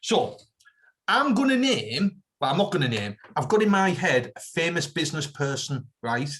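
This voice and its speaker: Giggly man with lively pitch. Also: normal speed. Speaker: podcast co-host. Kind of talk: casual comedy chat.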